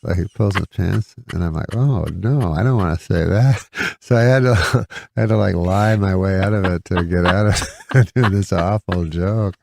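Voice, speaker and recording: A man's voice: low-pitched, moderate pace, gravelly, darkish tone, dry recording. A man guesting on a talk show, rambling through anecdotes with many fillers and acted-out quotes. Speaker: comedian guest. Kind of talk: casual talk-show storytelling.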